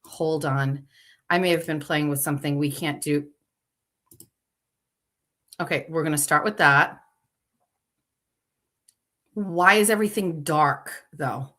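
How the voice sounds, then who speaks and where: A woman's voice: low-pitched, slow, long pauses, a bit bright. A woman hosting a livestream in casual chat, flustered and talking to herself while she fixes her stream settings live. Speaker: show host.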